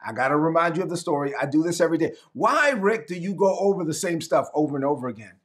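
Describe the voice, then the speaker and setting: Man preaching, kinda high voice, reads scripture, acts out the bible scenes, talks to the chat. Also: lively intonation, fast talker. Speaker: pastor. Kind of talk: sermon.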